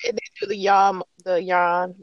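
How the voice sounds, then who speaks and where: A woman's voice: on the low side, little pitch movement, normal speed, lo-fi sound. A woman co-hosting a casual podcast chat, teasing and playful. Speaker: podcast co-host.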